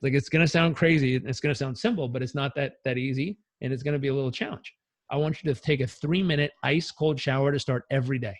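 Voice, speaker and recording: Energetic, blunt male life coach. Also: medium pitch, fast talker, no room sound. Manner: energetic, blunt, swears freely. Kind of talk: casual interview storytelling.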